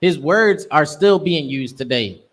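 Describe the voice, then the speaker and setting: A man's voice: a little high, expressive, a little slow. A young man teaching a scripture class, preaching emphatically in street slang. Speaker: class instructor.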